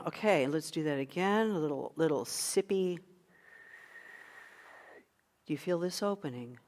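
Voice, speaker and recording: A middle-aged woman leading an online vocal workshop as a coach, guiding breathing exercises in an encouraging manner. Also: lowish voice. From United States.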